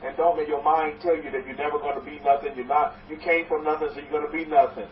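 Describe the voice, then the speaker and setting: A man's voice: fairly high pitch, steady tone, quick pace, a little hiss or hum. A man preaching a sermon as a rabbi, exhorting his listeners and rambling with restarts, often acting out what doubters say. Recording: echoey, distant, muffled room recording.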